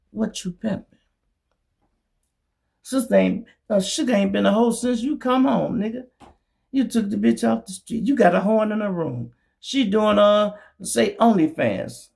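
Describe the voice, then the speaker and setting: Gravelly man, blunt street commentary. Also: high voice, a little slow, a little mellow. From Memphis. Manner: blunt, profane, mocking, acts out others' voices. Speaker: show host. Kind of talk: commentary monologue.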